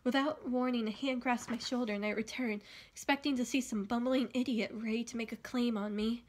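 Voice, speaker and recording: A woman narrates a first-person novel at home, keeping a steady, even reading pace. Her voice sits fairly high and stays calm and clear throughout. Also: fairly quick. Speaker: audiobook reader.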